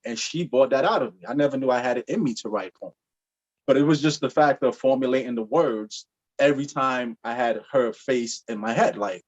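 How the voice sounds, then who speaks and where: Animated man telling a dating story. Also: muffled recording. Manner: animated, acts out dialogue with jumps in pitch. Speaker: podcast guest. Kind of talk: casual storytelling.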